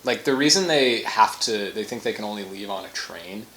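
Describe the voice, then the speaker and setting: A young man co-hosting a podcast in laid-back casual chat, often trailing off quietly as he explains. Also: on the low side, animated, normal speed. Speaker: podcast co-host. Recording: roomy echo, faint background hiss.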